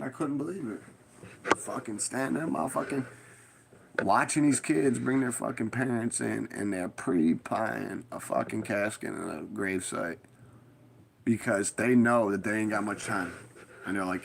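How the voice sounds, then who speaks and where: A man's voice: lowish voice, normal speed, vocal fry, a little hiss or hum. Blunt, profane man giving stern warnings. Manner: blunt, heavily profane street slang. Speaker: vlogger giving street advice. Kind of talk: casual rambling monologue.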